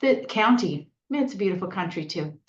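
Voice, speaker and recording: In a meeting room captured with echoey lo-fi sound, a woman kicks off the county task force meeting she chairs. Her medium-pitched voice moves at a moderate pace with lively intonation, and her manner is cheerful, talkative and self-mocking.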